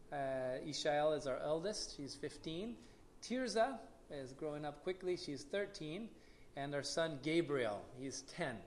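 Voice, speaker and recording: A man in his forties, a missionary speaking to a church congregation, relaxed and unhurried with many "uh" pauses, and leading a short prayer. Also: fairly high pitch, a little hiss or hum. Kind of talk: casual church talk with a prayer.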